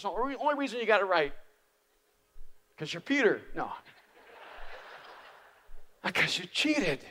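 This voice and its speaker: A man preaching a sermon as an animated, humorous storyteller. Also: sits high, a little slow, long pauses. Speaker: speaker. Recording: reverberant live hall.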